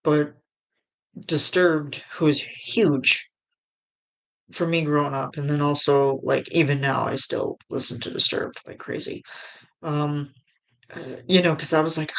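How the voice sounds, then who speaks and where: An adult livestream host chatting casually with viewers, enthusiastic and quick to giggle. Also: medium pitch, steady tone, gravelly, a bit bright.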